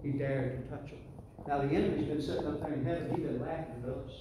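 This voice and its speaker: A man preaching a sermon, building to loud call-and-response with the congregation. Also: a little high, quick pace, background noise. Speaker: pastor. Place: church sanctuary. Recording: echoey church hall, distant mic.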